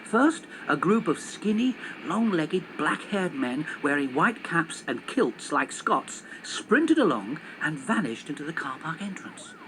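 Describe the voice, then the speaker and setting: A man reading a children's story aloud on television in an animated, expressive way. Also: fairly high pitch, measured pace, hardly any pauses, background noise.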